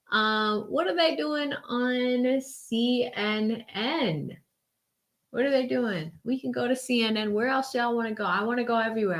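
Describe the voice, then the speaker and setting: A woman from Boston with a Boston accent, hosting a live election-night stream and chatting casually with her viewers. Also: fairly high pitch. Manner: animated, chatty, addresses chat directly. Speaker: livestream host.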